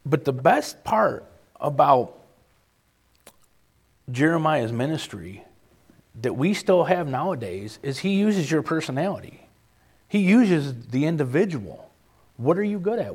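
A man's voice: on the high side, a little mellow, breathy edge. A man preaching a sermon, repeating key phrases for emphasis and acting out the voices of people he quotes.

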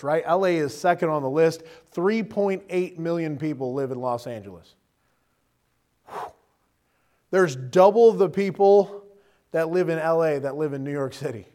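A man's voice: on the high side, darkish tone. Conversational male preacher, joking asides. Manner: conversational, humorous, asks "right?" often. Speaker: pastor. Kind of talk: sermon.

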